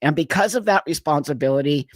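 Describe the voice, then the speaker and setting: A man's voice: on the high side, quick pace, dry recording. Earnest middle-aged man, dry close sound. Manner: earnest, repetitive, emphatic. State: voice cracking with emotion. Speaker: host of a live stream. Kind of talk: emotional live-stream monologue.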